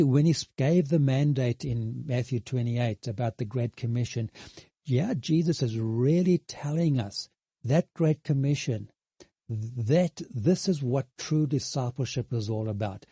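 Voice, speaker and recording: Earnest halting male preacher, dark tone. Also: mid-range voice, husky, dry recording. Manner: halting, many restarts and repeated words; earnest, emphatic repetition. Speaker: pastor. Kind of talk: sermon.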